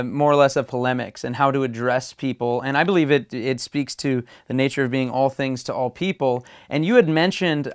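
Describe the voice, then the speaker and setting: Brief: male host, smooth clear voice, tentative hedging questions, dry close sound. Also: mid-range voice, no room sound. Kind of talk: interview questions. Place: conference venue.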